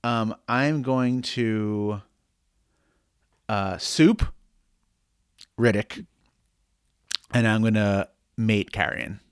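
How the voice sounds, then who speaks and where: A man's voice: on the low side, steady tone, extremely slow, pauses often, clear, resonant tone, no room sound, clean studio sound. Joking man co-hosting a podcast. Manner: joking, swearing, reads listener messages aloud. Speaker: podcast co-host. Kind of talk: casual book-club chat.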